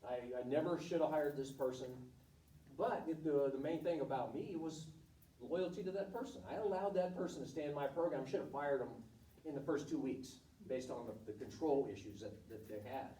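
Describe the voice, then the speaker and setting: A man's voice: fairly high pitch, fairly quick, mellow. A middle-aged man, a volleyball coach, giving a candid, blunt talk to students and telling stories from his career. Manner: candid, blunt, storytelling with acted quotes. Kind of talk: informal presentation to students. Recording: echoey room, voice from far off.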